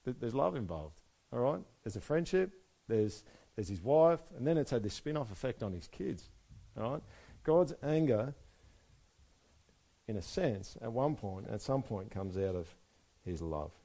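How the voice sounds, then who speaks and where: A man preaching a sermon, moving between soft, quiet stretches and loud, emphatic passages. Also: medium pitch, very animated, a little slow, creaky. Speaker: pastor.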